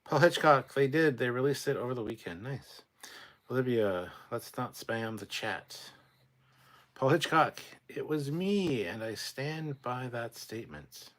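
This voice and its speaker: A man's voice: expressive, a little slow, fairly bright tone. A sleep-deprived man hosting a casual late-night livestream, reading out chat and rambling in a tired, mumbling way. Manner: tired, rambling, drops to low mutters.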